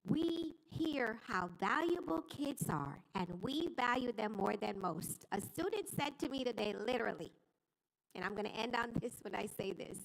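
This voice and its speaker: A woman's voice: on the high side, animated, moderate pace, vocal fry, low-quality recording. An older woman, a veteran teacher, making an earnest, impassioned plea during public comment at a school board meeting. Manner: earnest, pleading, rising with emotion.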